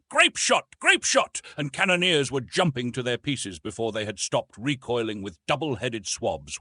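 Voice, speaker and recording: Husky, animated male storyteller. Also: dry recording, studio quality. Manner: animated storytelling with lively rises in pitch. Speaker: audiobook narrator. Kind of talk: scripted narration of a science fiction story.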